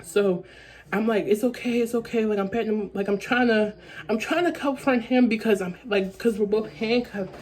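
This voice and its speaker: A woman's voice: medium pitch, normal speed, darkish tone. A young adult woman telling a story-time vlog in a rambling way, repeating herself with many fillers. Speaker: vlogger.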